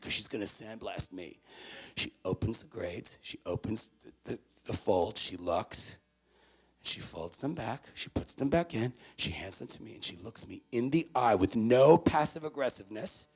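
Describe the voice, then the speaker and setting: A man giving an animated storytelling talk to parents at a university event, swinging between loud bursts and hushed moments. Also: lowish voice, moderate pace. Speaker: speaker addressing parents. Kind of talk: storytelling motivational speech.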